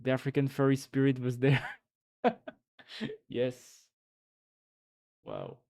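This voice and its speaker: This young male streamer has a mid-range, creaky, mellow voice whose pitch swoops wildly, and he speaks slowly. He chats irreverently with his audience in a casual live reaction stream from a home desk mic, reading memes aloud and commenting with laughter and swearing.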